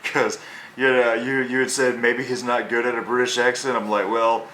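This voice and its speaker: A man's voice: medium pitch, level tone, normal speed, a bit bright, a little hiss or hum. A man co-hosting a casual movie review podcast, retelling scenes from the plot and acting out the characters' lines. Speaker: podcast co-host. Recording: echoey room.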